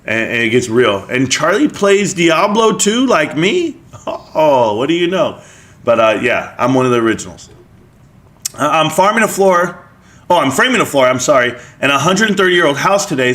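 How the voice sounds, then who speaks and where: A man's voice: a little high, expressive, brisk, a bit bright. A man hosting a live stream, chatting casually and reading viewer comments aloud with joking banter and frequent laughs.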